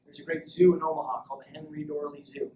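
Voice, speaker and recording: Brief: high-energy male coach, rapid-fire delivery, echoey locker room caught by a distant mic. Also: level tone. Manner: high-energy storyteller, shouts call-and-response. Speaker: mental conditioning coach. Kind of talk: motivational speech to a team. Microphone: far camera. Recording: echoey locker room from far off, faint noise.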